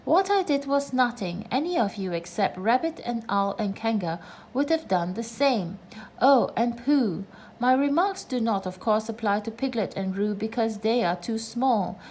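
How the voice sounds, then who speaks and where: A woman voicing a gloomy old donkey who speaks slowly and self-importantly. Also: a little high, lively intonation, a little mellow. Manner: slow, mournful, self-important.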